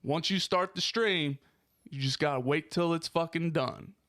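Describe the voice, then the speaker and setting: Slightly high-voiced man ranting profanely. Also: a little slow, a bit bright, no echo, clean studio sound. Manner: ranting, exaggerated complaints, heavy swearing. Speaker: podcast co-host. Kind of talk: casual profane podcast banter. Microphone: podcast microphone.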